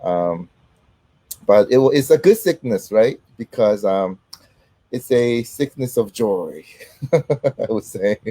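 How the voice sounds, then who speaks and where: A middle-aged man hosts a casual livestream while fighting off an illness, his voice not fully recovered. His tone is mellow and close, with a dry, roomless sound. He talks haltingly, filling gaps with um and uh. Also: fairly low pitch, lively intonation, dry recording. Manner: halting, heavy with um and uh, warm greetings to viewers. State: sick, voice not fully back. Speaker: host.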